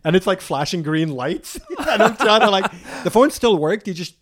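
A man's voice: sits high, big pitch swings, normal speed. A man on a podcast telling a travel story in casual chat, acting out the people he quotes and laughing often.

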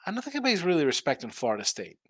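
A man's voice: a little high, huge pitch swings, racing, a bit bright, no echo. Tired, rambling male betting-show host. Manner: rambling, reads viewer chat aloud. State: tired, yawning. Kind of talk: casual live-stream chat.

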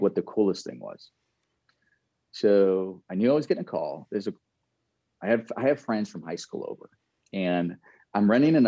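A man's voice: low voice, dark tone, slightly rough, no room sound, lo-fi sound. A man, a former ballplayer, reflecting in a casual interview and telling stories with frequent laughs and restarts. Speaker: guest, former pro baseball player.

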